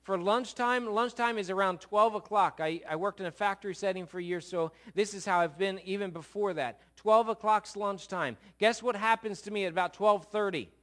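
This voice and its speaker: A man's voice: high-pitched, moderate pace, few pauses, fairly bright tone. A middle-aged man pastor giving a sermon in a church, talking conversationally and joking with his congregation. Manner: conversational, jokey, checks in with congregation. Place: church sanctuary.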